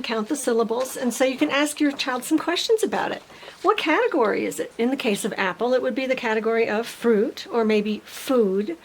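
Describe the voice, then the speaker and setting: A middle-aged woman speech teacher giving parents a patient step-by-step tutorial, modeling simple sentences slowly. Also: on the high side, slight background noise, low-quality recording.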